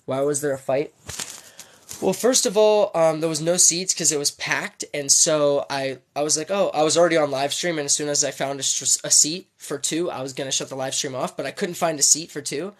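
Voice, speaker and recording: A man's voice: a little high, a little fast, dry recording, studio quality. A man telling a story on a livestream, rambling casually and stopping often to restart. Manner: rambling, full of fillers and restarts.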